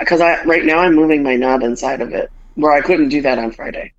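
This podcast host has a low, brisk voice as she spins a bawdy, funny story and acts out each person in the exchange. It's a casual show with dull, lo-fi sound.

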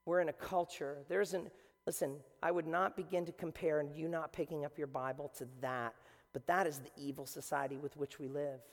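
Man, sermon, impassioned preaching, high voice, reverberant hall. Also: steady tone, normal speed. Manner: impassioned, builds to shouting.

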